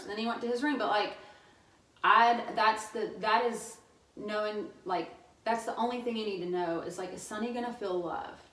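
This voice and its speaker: A woman's voice: mid-range voice, steady tone, normal speed, a bit bright. Woman guest, 30s, chatty storyteller, roomy echo, distant mic. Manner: chatty storyteller, laughs often. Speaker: podcast guest. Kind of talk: casual podcast chat.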